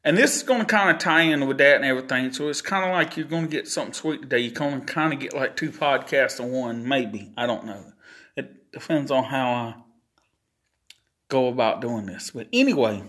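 A man hosting a solo podcast, talking slowly and earnestly, his words slurred by a facial palsy. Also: medium pitch, sharp tone. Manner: slow, deliberate, earnest. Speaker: podcast host.

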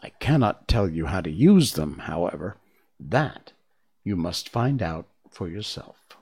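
A man's voice: deep voice, sing-song, unhurried, darkish tone, breathy edge, heavily acted. A man voicing a humbug wizard who is meek and apologetic, talking in a pleading, self-deprecating way.

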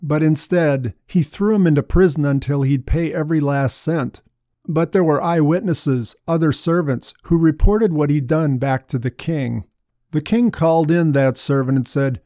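A man's voice: a little high, normal speed, mellow, dry recording, clean studio sound. A man preaching a sermon in a conversational way, asking his listeners questions as he retells parables.

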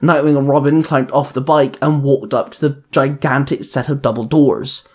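A man's voice: medium pitch, fairly even intonation, normal speed, darkish tone. A man narrating a superhero fan fiction story in a plain storytelling manner. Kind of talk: reading fan fiction aloud.

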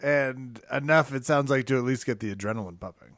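A man's voice: mid-range voice, a little fast, fairly bright tone, no echo. A man in a mid-range voice trades wry remarks in a casual chat. The sound is dry and close, with no room around it.

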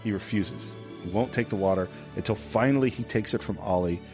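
A man's voice: lowish voice, brisk, a little mellow, faint music behind. Enthusiastic male podcast host. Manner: enthusiastic scene-by-scene retelling. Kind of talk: film discussion podcast.

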